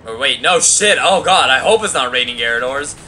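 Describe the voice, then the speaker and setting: Lively, bright-voiced profane young gamer. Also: male voice, mid-range voice, brisk. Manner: profane, rambling, crude trash talk. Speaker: gameplay commentator. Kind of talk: let's play commentary.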